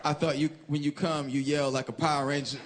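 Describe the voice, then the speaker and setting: A man performing a stand-up comedy set on stage, loud and animated, jumping into high yelling voices. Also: a little fast. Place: stage in front of a live audience. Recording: loud crowd laughter and room noise.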